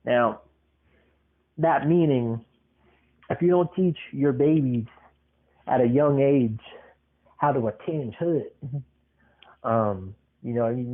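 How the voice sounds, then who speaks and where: A man hosting a podcast, telling a funny family story in a rambling way, with lots of fillers and restarts. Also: mid-range voice. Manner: meandering, full of fillers and restarts. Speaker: podcast host. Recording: tinny phone-like sound.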